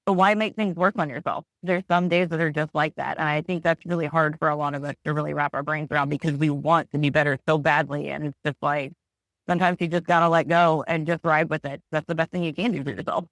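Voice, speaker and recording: A woman's voice: deep voice, fairly even intonation, quick pace, no echo. A woman guest in a podcast interview, speaking candidly and reflectively with frequent restarts.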